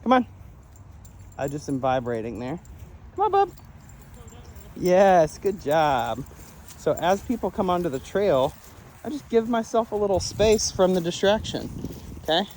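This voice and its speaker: Male dog trainer on a trail, casual and chatty, fairly high and very lively voice that jumps up for praise. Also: normal speed, a little hiss or hum. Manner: switches to high sing-song praise for the dog; laid-back, chatty, laughs often. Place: outdoors on a wooded trail near a creek.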